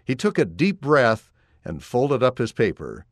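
A man reading a children's story aloud in a clear, expressive storytelling voice. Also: mid-range voice, measured pace, dry recording, studio quality. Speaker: narrator.

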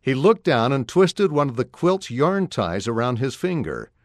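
Man reading a story aloud, expressive. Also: medium pitch, measured pace, no echo, studio quality. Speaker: narrator.

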